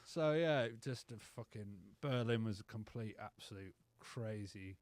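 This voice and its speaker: A man's voice: lowish voice, measured pace, no room sound. A young British man talking as a guest DJ, casual and blunt with lots of swearing. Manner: blunt, heavy swearing, rambling. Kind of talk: casual podcast chat.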